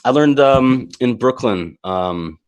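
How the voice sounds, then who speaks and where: A man hosting a casual chat, excitable, swearing and laughing often. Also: medium pitch, slow, dull audio. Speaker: host.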